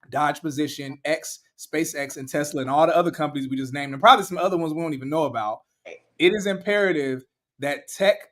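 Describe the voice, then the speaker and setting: Male podcast host, lively and a bit high-voiced, acts out what people said. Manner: animated, laughing, acts out quotes. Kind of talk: casual podcast chat.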